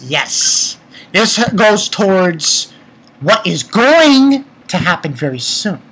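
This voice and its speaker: A man's voice: high voice, sing-song, slow, fairly bright tone, breathy edge, poor audio. A man giving a casual, rambling chapter review, retelling scenes and swearing offhandedly. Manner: reads character lines aloud in summary. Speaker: manga reviewer.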